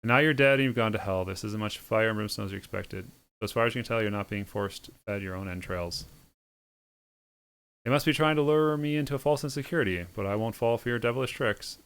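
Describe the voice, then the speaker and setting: A man with a smooth, lowish voice speeds through on-screen game text. His delivery stays sardonic and deadpan, with quick mocking asides between the lines. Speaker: game streamer reading a visual novel aloud. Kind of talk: reading game text aloud with comic asides.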